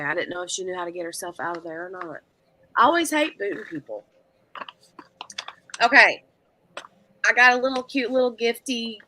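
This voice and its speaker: A woman's voice: mid-range voice, sharp tone, slight background noise, poor audio. A woman hosting a craft live stream, chatting in a rambling, giggly way with lots of fillers. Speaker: craft channel host. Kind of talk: casual live stream chat.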